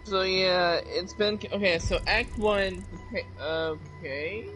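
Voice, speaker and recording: Gaming friend, male, high voice, rambling casual explainer. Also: takes it slowly, a bit bright, faint music behind, poor audio. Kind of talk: casual gameplay chat.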